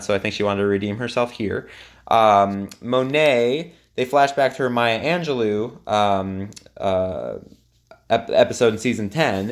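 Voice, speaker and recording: A young man talks through a TV episode recap in a loose, opinionated way. His voice sits at an ordinary middle pitch, and his speech is full of ums and likes as he gives his takes. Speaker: TV recap reviewer. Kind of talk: casual recap monologue.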